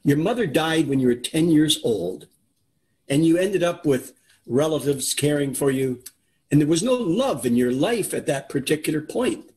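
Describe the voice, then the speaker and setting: A man's voice: fairly high pitch, animated, moderate pace, darkish tone. A man hosts a video call interview in a casual, earnest way, talking straight to viewers. He often doubles back on a word before going on. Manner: earnest, repeats words while he talks. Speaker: interviewer, host.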